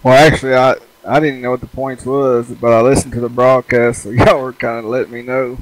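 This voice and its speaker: A race driver with a mid-pitched voice talks through his race. He rambles casually and loses his thread now and then. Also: level tone, a little fast, no echo, rough recording.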